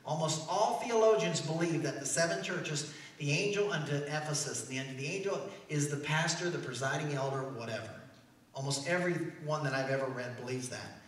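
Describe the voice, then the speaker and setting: A man with a Midwestern American accent, a pastor preaching an animated sermon that swings between loud declarations and soft asides. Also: on the high side, brisk, far from the mic. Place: large church hall. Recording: echoey church hall, heard from afar.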